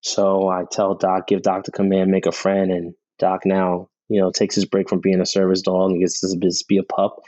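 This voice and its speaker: Middle-aged man, podcast guest, earnest storyteller, low and warm, dull lo-fi sound. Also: completely flat delivery, moderate pace, hardly any pauses, no room sound. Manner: earnest, repeats words when starting sentences. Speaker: podcast guest, Army veteran. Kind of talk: conversational interview storytelling.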